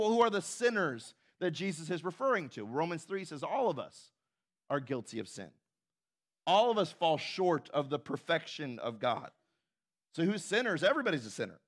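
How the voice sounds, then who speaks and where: A man's voice: fairly high pitch, fairly bright tone. A man preaching a sermon as pastor, emphatic and asking the congregation questions.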